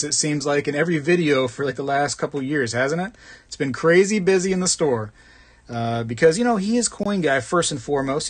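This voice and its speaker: A man hosts a live stream in a loose, conversational way, reading viewer comments aloud and answering them one by one. He jokes around and calls people "man" often. His voice sits at an ordinary middle pitch. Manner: chatty and joking, says "man" often. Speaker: host of a live coin collecting stream.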